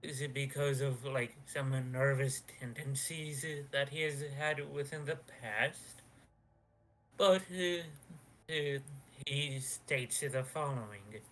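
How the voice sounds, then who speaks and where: A man playing a tabletop game, giving an in-character report in a halting way, with many fillers and restarts. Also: mid-range voice, fairly bright tone, slight background noise. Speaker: player.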